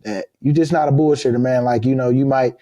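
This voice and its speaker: A man in his thirties chatting casually as a podcast guest, loose and drawling, breaking into high loud laughs. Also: fairly even intonation, brisk, no room sound, clean studio sound. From United States. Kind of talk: casual chat.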